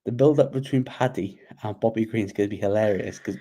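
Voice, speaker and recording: A man co-hosting a casual sports chat, talking in an animated, rambling way and often repeating himself. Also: fairly low pitch, quick pace. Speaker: podcast co-host.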